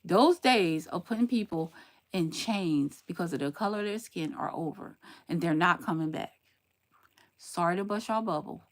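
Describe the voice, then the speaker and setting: Speaking at a moderate pace in a lowish voice, this older Southern woman responds to her livestream chat. She's a grandmother who scolds, warns sarcastically, and swings lively in her blunt delivery.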